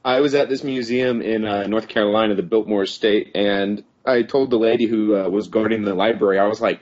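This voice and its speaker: A man's voice: fairly low pitch, fairly even intonation, fairly quick, few pauses, darkish tone. A man co-hosting a podcast in casual chat, bringing up news stories with wry jokes. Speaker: podcast co-host. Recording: dull lo-fi podcast audio.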